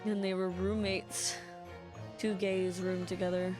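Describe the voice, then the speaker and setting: A woman's voice: mid-range voice, flat delivery, measured pace. A woman streaming a video game, chatting casually and rambling with lots of giggles. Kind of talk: casual chat while playing a video game. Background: game music.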